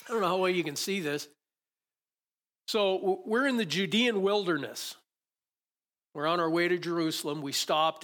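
A man's voice: a little high, fairly bright tone. A man preaching a sermon in a conversational, storytelling way, building to emphatic peaks. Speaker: pastor.

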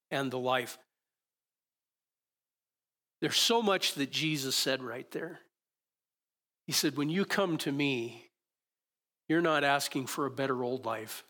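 A man's voice: medium pitch, fairly bright tone. A man preaching a sermon in a conversational, musing way, often restarting his sentences.

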